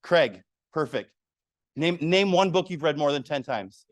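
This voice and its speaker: In a meeting room, a man runs a public speaking workshop for a live audience, animatedly firing questions at them as he goes. His voice sits on the high side and moves at an unhurried pace, with no echo.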